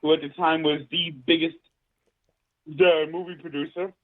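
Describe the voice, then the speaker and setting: A man on a talk show talking in a halting way, with many fillers. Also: on the high side, level tone. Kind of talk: call-in talk show chat. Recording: phone line.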